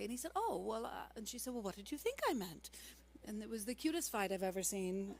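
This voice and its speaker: A woman singer-songwriter with an expressive, medium-pitched voice tells chatty stories between songs at a live concert in a church sanctuary, speaking a little fast. Live music and her voice are mixed together, with instrumental music and slight background noise.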